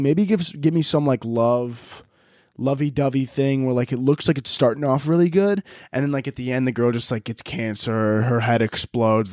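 Sprawled on pillows in his home, the young host rambles crudely through a casual solo podcast and keeps chuckling at his own jokes. His mid-range voice has a darkish tone, and the headphones-and-podcast-mic setup yields clean, echo-free studio audio.

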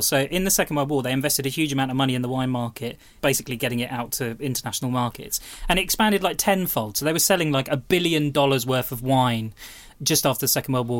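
A man's voice: medium pitch, no echo. A man telling a chatty, enthusiastic story about a trip in a casual studio chat. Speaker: podcast contributor.

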